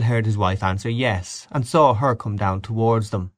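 A man giving a measured, expressive audiobook narration of a story. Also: on the low side, no room sound, clean studio sound. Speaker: audiobook reader. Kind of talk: scripted narration.

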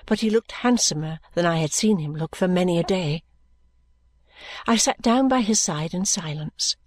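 A woman narrates a classic novel in a measured, gentle manner. Her voice sits a little low for a woman, and the recording is dry and close, with no room echo. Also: lively intonation. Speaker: audiobook narrator.

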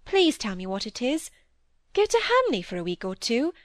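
A woman's voice: fairly high pitch, huge pitch swings, moderate pace, no room sound, studio quality. Woman reading a curious, coaxing young girl. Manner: coaxing, pleading, inquisitive. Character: curious, lively teenage girl, doting daughter. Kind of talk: audiobook dialogue reading.

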